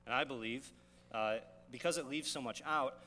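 A male pastor delivers a teaching sermon at a middle pitch, pausing to ask his listeners rhetorical questions and often restarting his phrases. His voice carries a long reverb from a large hall. A faint hum sits underneath it. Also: sharp tone.

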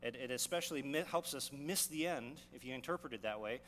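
Man preaching a sermon, teaching tone, rhetorical questions, mid pitch, long hall reverb, faint hum. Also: a little fast, fairly bright tone. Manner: teaching, asks rhetorical questions, restarts and self-corrections. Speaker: pastor.

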